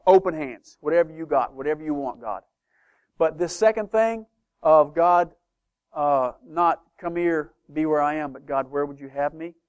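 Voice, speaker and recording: In a church, a high-voiced male preacher delivers an animated sermon, firing off rhetorical questions. He swings between soft asides and loud emphasis.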